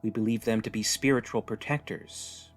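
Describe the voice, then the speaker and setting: A man's voice: on the low side, fairly even intonation, moderate pace, soft background music, natural voice. A man voicing a tough, jaded young woman stranded on an alien world, speaking bluntly and wearily. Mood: explaining. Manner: blunt, weary, resigned.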